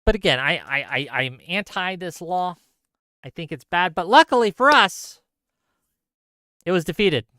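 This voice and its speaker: A man's voice: sits high, expressive, measured pace, long pauses, pushed and bright, dry recording, studio quality. A man hosting a solo livestream, ranting heatedly about news and reading viewer chat aloud. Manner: reads chat comments aloud. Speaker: host.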